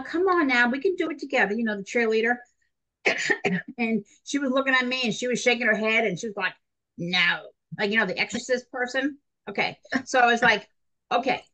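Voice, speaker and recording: A middle-aged woman teaching a nursing class in a chatty, animated way, talking straight to her students. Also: mid-range voice, low-quality recording. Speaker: nursing instructor. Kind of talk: recorded classroom lecture.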